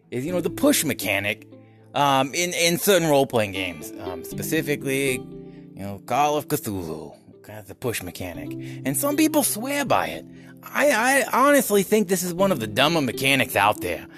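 Animated, rambling New York man. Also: medium pitch. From New York area, US. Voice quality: rambling, animated, stumbling restarts. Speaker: podcast host. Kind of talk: comedic rant podcast.

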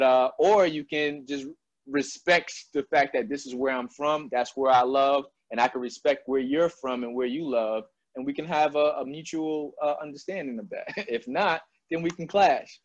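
A man from Albany hosting a casual interview, talking loosely and often checking in with "you know what I mean". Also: medium pitch. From Albany, New York. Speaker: interview host. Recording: dull dry lo-fi sound.

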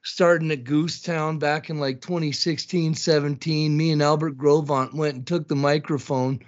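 A high-pitched man in his fifties from Blackfeet country, Montana, spinning casual stories as a podcast guest. He talks in an animated way, laughs often and swears. The recording sounds dull and lo-fi. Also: normal speed. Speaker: podcast guest, tournament announcer. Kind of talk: casual storytelling chat.

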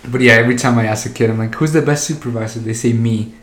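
A man's voice: mid-range voice, fairly even intonation, fast. A man telling stories in casual chat, crude and joking, laughing often. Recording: roomy echo.

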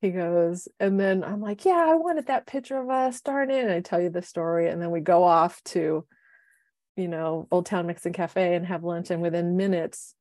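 A woman in her fifties chats on a podcast in a slightly low voice. She tells long stories and acts out what people said with animated quoted lines. The sound is dry and close. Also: dry recording. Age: 50s. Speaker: podcast co-host, life coach. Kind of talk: casual chat. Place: home, city.

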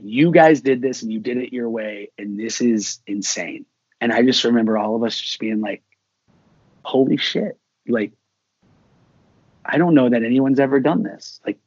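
A husky-voiced middle-aged man recounts his story in an interview, full of energy and acting out the lines of others. The recording is dry and slightly dull, with a lo-fi edge. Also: medium pitch, no echo. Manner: animated, acts out quoted dialogue. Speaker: musician guest. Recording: dull lo-fi sound.

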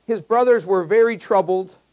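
A man's voice: high voice, moderate pace, darkish tone. Male pastor preaching a conversational sermon. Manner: conversational preaching with personal anecdotes; emphatic, repeats key phrases. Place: church.

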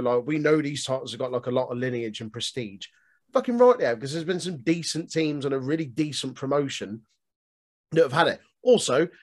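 A British man rants through a casual podcast chat, swearing freely and laughing between complaints. His pitch swings widely as he talks. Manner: sweary, ranting, laughing often. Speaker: wrestling podcast co-host.

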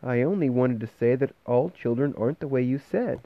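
A man voicing a shy, timid young schoolboy who speaks softly and hesitantly, recorded with a dull, dry sound. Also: medium pitch, big pitch swings, moderate pace, dry recording, pitched above the performer's own voice, close to an everyday voice.

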